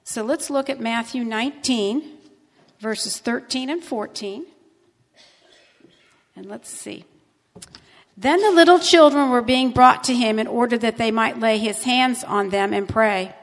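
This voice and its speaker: A woman giving a children's sermon, talking gently and coaxingly to small children. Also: a little high, measured pace, pauses often, in a large hall.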